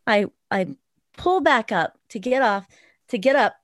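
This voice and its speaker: Podcast guest: a woman with a high voice who tells animated stories and swears freely. Dry, close sound. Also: measured pace, dry recording. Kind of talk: casual podcast storytelling.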